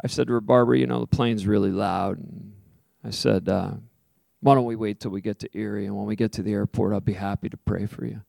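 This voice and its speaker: A man, a minister, preaching a sermon, telling a personal story with lively acted-out quotes and then softly leading a slow, prayerful invitation. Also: lowish voice, creaky, dry recording, clean studio sound. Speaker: pastor.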